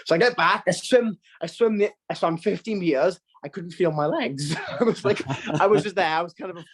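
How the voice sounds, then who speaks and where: A teenage man chatting as a podcast guest and telling animated, self-mocking stories with quick laughs and restarts. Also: sits high, slightly rough. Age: teens. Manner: animated storytelling, laughs and stumbles. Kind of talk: casual podcast chat.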